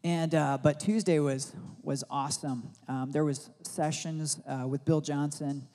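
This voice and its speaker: A pastor giving a sermon, telling a rambling personal story full of fillers and restarts, growing loud and excited as he retells it. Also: fairly high pitch, unhurried, big-room sound.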